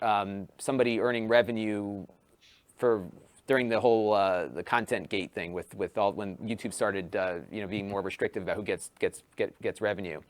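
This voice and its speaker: A man who hosts a YouTube tech channel, talking through a casual podcast conversation in an animated way, full of restarts, and lifting his voice for quoted lines. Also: lowish voice, no echo.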